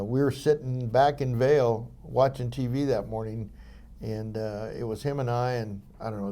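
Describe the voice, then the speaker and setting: A man's voice: mid-range voice, dark tone. Older man telling rambling stories. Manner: rambling anecdotal, many fillers and restarts. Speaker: interview guest, former police officer. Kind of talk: storytelling interview.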